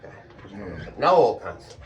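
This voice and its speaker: A man's voice: lowish voice, big pitch swings, slow pace, background noise. A man with an Australian accent telling blunt, sweary stories in a casual chat, laughing often. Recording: echoey room, voice picked up from a distance.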